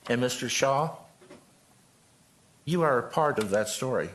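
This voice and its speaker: An older man from Joplin speaks at a council podium microphone, reading a prepared statement in an earnest, measured way. His voice is mid-pitched and steady. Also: slight background noise. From Joplin, Missouri. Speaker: pastor speaking at public comment. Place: city council chamber.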